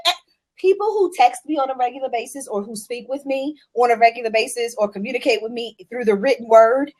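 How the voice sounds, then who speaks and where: A woman hosting a casual chat, blunt and animated, swearing freely and acting out text messages. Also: a little high, fairly quick. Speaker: host.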